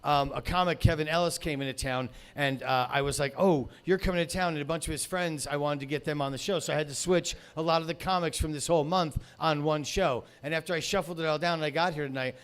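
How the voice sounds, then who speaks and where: Loud, profane man ranting on stage. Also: on the high side, steady tone, quick pace, hardly any pauses. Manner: profane, shouting rants at a heckler; rambling with many fillers and restarts. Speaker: comedy show host. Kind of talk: stand-up comedy rant.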